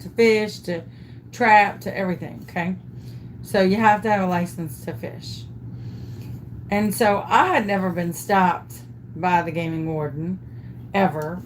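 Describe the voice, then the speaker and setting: A woman's voice: lowish voice, slight background noise. Chatty woman telling a story. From Louisiana. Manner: animated, chatty, self-amused storyteller. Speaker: craft vlogger. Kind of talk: storytelling while crafting.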